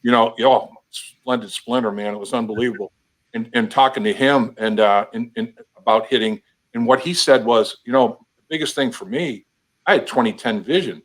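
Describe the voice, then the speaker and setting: A man's voice: mid-range voice, normal speed. Folksy enthusiastic man hosting. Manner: enthusiastic, folksy, stammering repeats. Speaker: interview show host. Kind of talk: casual sports interview.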